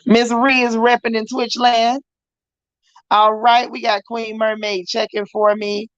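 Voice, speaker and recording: A middle-aged woman with a slightly higher voice runs a casual livestream, chatting in easygoing slang and calling out viewers by name. Her throat is still on the mend, and she keeps talking on a home stream mic. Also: little pitch movement, unhurried, dull audio. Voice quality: throat recovering. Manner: warm, chatty, Southern-style slang, calls viewers y'all. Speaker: livestream host. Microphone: live stream mic with sound trouble.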